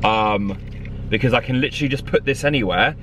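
A man vlogging on a solo road trip, gushing and excitable, talking into a phone on a tripod from his car and outdoors. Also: mid-range voice, brisk, slight background noise. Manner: excitable and gushing, full of exclamations. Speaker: travel vlogger. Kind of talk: casual vlog talk to camera. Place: in a car and outdoors by roads and the seafront. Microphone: phone on a small tripod.

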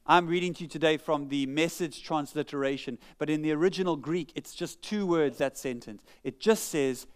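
Earnest, higher-voiced male pastor preaching. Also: animated, smooth. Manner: reads scripture slowly with dramatic pauses; earnest and conversational between readings. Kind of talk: sermon. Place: church.

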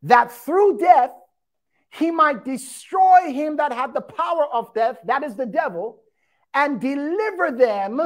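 A woman preaching a sermon, reading scripture aloud and explaining it, with frequent emphatic asides. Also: high-pitched. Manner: emphatic, repeats "watch this".

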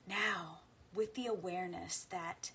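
A woman coach guiding listeners through a slow, soft meditation and spoken affirmations. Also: low-pitched, fairly even intonation, slight background noise. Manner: laughs into her words when playful. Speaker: spiritual coach. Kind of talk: guided meditation and affirmation practice. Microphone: talking to camera.

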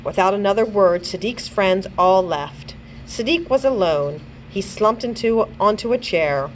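Librarian woman reading aloud to kids; lively, expressive delivery with a faint room hiss. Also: medium pitch, poor audio. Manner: lively, expressive storytelling with character voices; pauses to check pronunciation of words. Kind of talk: children's read-along narration.

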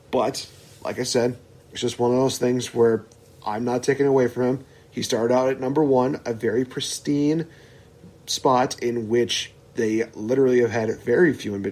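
A man's voice: mid-range voice, gravelly, darkish tone, slightly rough. A man talking as a podcast guest, giving firm opinions in a casual chat. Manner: opinionated, dismissive of complainers.

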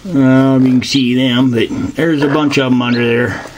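An older man, chatting casually and roughly as he films his farm with a handheld camera. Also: medium pitch, fairly even intonation, fairly quick, background noise. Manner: folksy, rough-spoken, calls out to animals. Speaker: homesteader filming his farm. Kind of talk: casual chat. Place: outdoors and in a barn and chicken house.

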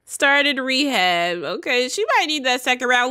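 A woman's voice: high voice, lively intonation, measured pace, hardly any pauses, bright, forceful tone, smooth. A young woman giving chatty, slangy commentary while playing a life-sim game, laughing often. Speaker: let's play host.

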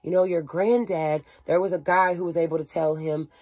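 A woman voicing a calm, reassuring queen mother, soft-spoken. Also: fairly low pitch, brisk, natural voice. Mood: soothing.

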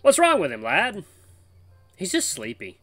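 A man doing a brisk, bossy tiger buddy. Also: high voice, wildly swooping pitch, a bit bright, soft background music, voice pushed up, heavily acted. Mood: chiding. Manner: brisk, chummy, calls people lad and mates.

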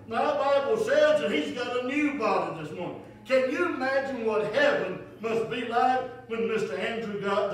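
A man preaching a funeral sermon as pastor, rising to emphatic calls and dropping to soft, quiet lines. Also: very high-pitched, slight background noise. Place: church sanctuary. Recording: echoey church from far off.

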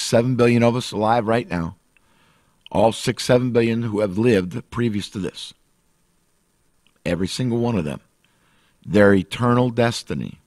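A man preaching a radio sermon as pastor, emphatic and repetitive, swinging between loud and soft. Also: on the low side, no echo.

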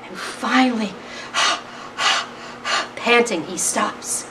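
A woman telling a traditional animal tale to a live audience, in a slow, deliberate way with long pauses. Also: a little high, animated, background noise. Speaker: storyteller. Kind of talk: oral storytelling at a live concert. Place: event hall. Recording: distant mic at a live event.

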